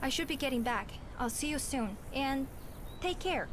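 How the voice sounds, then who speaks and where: A polite trader messenger speaks in a high, light voice, as a woman reads the game lines. The delivery is even and courteous. Clear game ambience and animal sounds play underneath. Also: moderate pace, noisy background.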